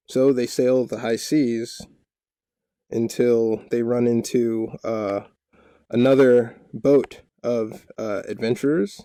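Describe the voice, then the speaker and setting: A male dungeon master recaps the party's downtime in a loose, rambling way, cracking jokes as he goes. His voice is mellow and mid-pitched, and the recording is dry. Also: vocal fry, no echo. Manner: rambling, joking, full of fillers. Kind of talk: casual storytelling recap.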